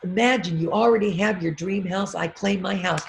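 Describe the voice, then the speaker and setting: A middle-aged woman, a motivational speaker, telling a personal story on a video call in an animated way, repeating affirmations and laughing often. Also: medium pitch, moderate pace, gravelly, slight background noise.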